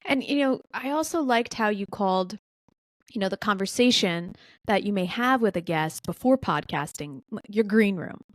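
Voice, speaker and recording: A woman's voice: medium pitch, expressive, moderate pace, no echo. A woman hosting a podcast interview, speaking casually to her guest and the audience with frequent fillers. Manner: talks straight to the audience, frequent fillers like "you know". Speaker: podcast host. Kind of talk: conversational interview.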